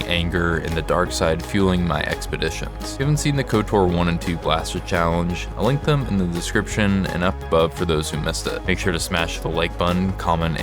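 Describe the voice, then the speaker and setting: A man hosting a gaming channel, reading scripted gameplay narration in a casual, wry way with light chuckles. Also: low voice.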